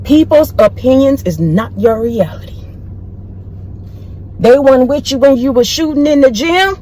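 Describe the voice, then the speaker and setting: Bold motivational speaker, woman, high voice, emphatic and repetitive. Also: lively intonation, moderate pace, mellow, a little hiss or hum, poor audio. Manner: bold, emphatic, repeats phrases. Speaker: inspirational speaker. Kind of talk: preachy motivational monologue.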